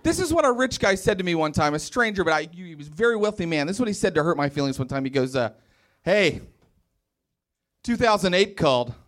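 A stand-up comedian from West Virginia works a comedy club crowd in a rambling, self-deprecating set. His voice sits high and swings widely in pitch, and he drops into playful put-on voices for his bits. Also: big pitch swings, racing, few pauses, fairly bright tone.

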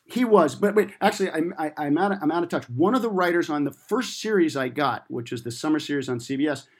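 Brief: fifties male comedy writer, lightly higher voice, rambling anecdotes, self-mocking. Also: expressive, fast, husky. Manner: rambling, self-deprecating, many restarts. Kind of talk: casual interview storytelling.

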